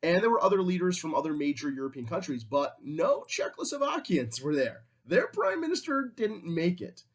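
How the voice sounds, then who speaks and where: A man's voice: a little high, very animated, normal speed, few pauses. A man teaching a history class in a conversational way, often acting out quotes in different voices. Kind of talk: classroom lecture.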